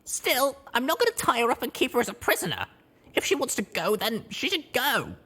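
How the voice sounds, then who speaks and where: A woman brings to life a hardened young mare who talks with blunt, dry sarcasm. Her voice is husky and fairly high, leaping around in pitch. It is read as an audiobook character. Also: wildly swooping pitch, fairly quick, bright, forceful tone, exaggerated voice. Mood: wry.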